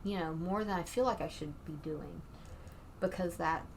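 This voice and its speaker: A woman's voice: on the low side, moderate pace, background noise. A woman stand-up comedian talking as a podcast guest, rambling and repeating herself earnestly. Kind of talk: casual chat.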